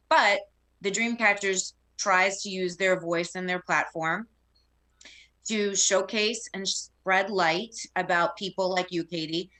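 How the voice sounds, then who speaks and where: Bright-voiced woman introducing a guest. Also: on the low side. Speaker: podcast co-host. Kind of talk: casual interview intro.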